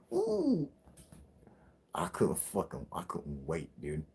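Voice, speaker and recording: A man's voice: rumbling low, creaky, breathy edge. A young man hosting a casual livestream, rambling and swearing, with frequent laughs. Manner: rambling, profane, laughing often. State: high. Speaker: livestream host.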